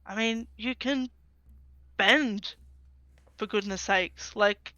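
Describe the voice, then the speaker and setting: Bright, crisp woman on a lo-fi call. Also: mid-range voice, slow pace, long pauses, no echo. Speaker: player. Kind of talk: in-character speech in a tabletop game.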